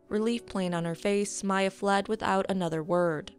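A woman narrating a fantasy novel chapter in a steady storytelling voice. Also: medium pitch, moderate pace, hardly any pauses, faint music behind. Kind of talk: audiobook reading.

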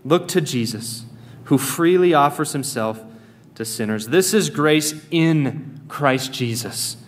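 A man's voice: fairly high pitch, expressive, slow. An American man preaching a sermon in a church, earnest and emphatic, repeating key phrases. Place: church sanctuary.

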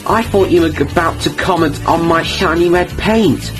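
A man's voice: fairly high pitch, moderate pace, pitched above the performer's own voice, close to an everyday voice. A man voicing a vain, boastful young tank engine who talks in a whiny, defensive way. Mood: hurt. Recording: music playing underneath.

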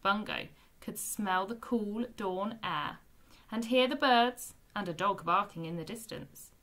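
A woman, a primary school teacher, reading a children's book aloud with expressive storytelling. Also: mid-range voice, a little slow.

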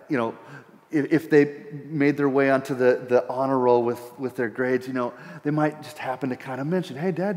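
A middle-aged man preaching a conversational sermon as pastor, repeating words as he thinks aloud. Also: medium pitch. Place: church hall. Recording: church hall with long reverb.

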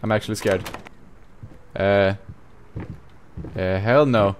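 Young male gaming YouTuber, skittish horror commentary, slow delivery, noisy background. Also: on the low side, lively intonation. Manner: jumpy, swears a lot, talks to viewers. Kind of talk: horror game let's play commentary. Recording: noisy home recording.

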